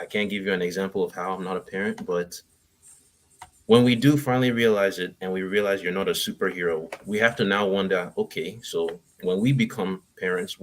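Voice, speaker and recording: Young man rambling in a low voice. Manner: rambling, halting with restarts and fillers. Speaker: guest. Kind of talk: casual chat, giving advice.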